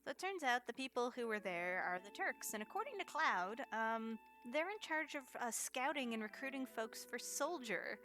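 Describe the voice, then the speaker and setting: Woman streamer, casual jokey speedrun commentary, bright and punchy tone. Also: fairly high pitch, animated, normal speed, hardly any pauses. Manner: playful, chatty, jokey asides to chat.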